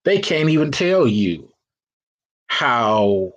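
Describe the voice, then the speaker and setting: A man's voice: medium pitch, sing-song, very slow, muffled recording. A man hosting a live call-in show, giving blunt, preachy dating advice in casual slang and reading out chat comments. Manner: casual slang, frequent restarts.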